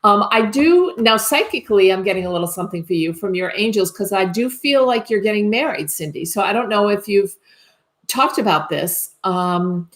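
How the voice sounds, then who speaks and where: A woman's voice: mid-range voice, animated, normal speed. A woman working as a psychic medium, giving a live reading in a tentative, reassuring way and often checking whether she has things right.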